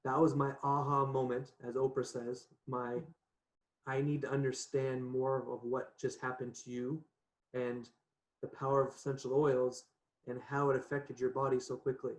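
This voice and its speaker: Male guest, mid pitch, animated casual storyteller, echoey video call audio. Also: moderate pace. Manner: chatty, animated, laughs often, says "right?" a lot. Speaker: podcast guest. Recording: echoey room.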